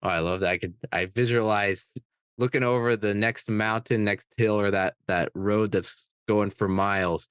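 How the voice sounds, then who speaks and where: A man hosting a podcast interview, asking questions and reacting with lively interest. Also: fairly low pitch, moderate pace, clear, resonant tone, no echo. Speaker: podcast host.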